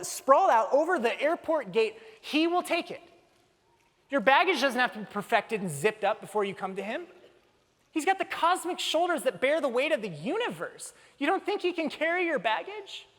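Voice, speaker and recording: A man preaching a sermon as pastor, telling stories in an animated way with self-deprecating humor. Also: very high-pitched. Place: church sanctuary. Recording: long church reverb.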